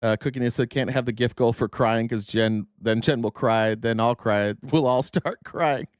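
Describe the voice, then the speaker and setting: A man's voice: medium pitch, flat delivery, moderate pace, smooth, no room sound, studio quality. A man hosting a live political talk stream, reading out viewer comments in a blunt, casual way and swearing freely. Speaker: political talk show host.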